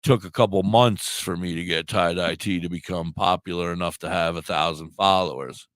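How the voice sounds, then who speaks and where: Deep-voiced man with a sore throat on a talk radio show, telling a story with swearing and acted-out dialogue. Clear, dry sound. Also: moderate pace, no room sound. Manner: animated, acts out quoted dialogue, swears freely. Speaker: puppeteer and live streamer.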